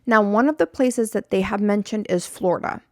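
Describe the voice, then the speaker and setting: A woman's voice: medium pitch, moderate pace, darkish tone, dry recording, clean studio sound. A woman hosting her own podcast, chatting alone in a rambling, self-deprecating way and often drifting off on tangents. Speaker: podcast host. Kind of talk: solo podcast chat.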